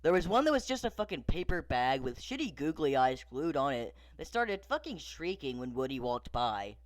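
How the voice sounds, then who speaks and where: A man's voice: a little high, sing-song, normal speed, no room sound. A man reading a horror parody story aloud in a profane, incredulous, sarcastic tone. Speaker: creepypasta narrator. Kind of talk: scripted horror story narration.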